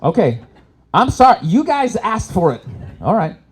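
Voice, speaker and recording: A man doing a live stand-up comedy set on an event stage, swearing freely and swinging between loud punchlines and low asides. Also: big pitch swings, normal speed, husky.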